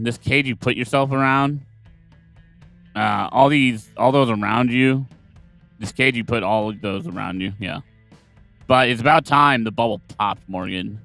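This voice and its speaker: A man works his way through a game, voicing each character's dialogue himself. His tone is bright and forceful, and his pitch sits in a middle range. Faint guitar music plays behind him. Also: clean tone. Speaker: gamer reading game dialogue aloud.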